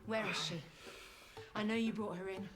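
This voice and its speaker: A woman's voice: medium pitch, normal speed, music in the background, natural voice. An actress playing a cold, relentless female interrogator who gives commands, in a live-action game. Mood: menacing.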